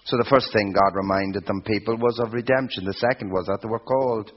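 Male preacher, sermon, slow emphatic delivery, husky voice, muffled lo-fi recording. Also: on the low side, fairly even intonation. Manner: slow, emphatic preaching with swelling repeated phrases. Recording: dull lo-fi sound.

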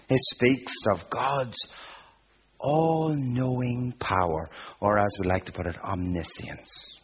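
Slow, husky-voiced male preacher. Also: mid-range voice. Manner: slow, emphatic preaching with swelling repeated phrases. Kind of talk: sermon. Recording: dull lo-fi sound.

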